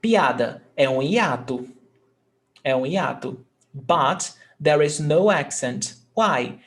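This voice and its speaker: Male language tutor, unhurried and patient, walks through grammar rules and checks in often. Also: on the high side, animated. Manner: patient, explains rules step by step and checks understanding. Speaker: Portuguese teacher. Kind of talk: online language lesson.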